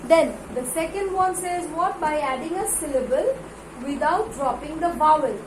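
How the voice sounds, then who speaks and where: A woman teaching an English grammar lesson to a class. She reads word lists aloud in louder, drawn-out calls and spells words out letter by letter. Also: high-pitched, animated, roomy sound. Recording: noisy room recording.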